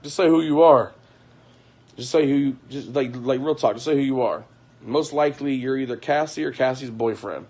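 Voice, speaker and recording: A man's voice: mid-range voice, moderate pace, darkish tone, slightly rough. A man ranting casually on a livestream at home at night, profane and heated, repeating himself and breaking into laughter.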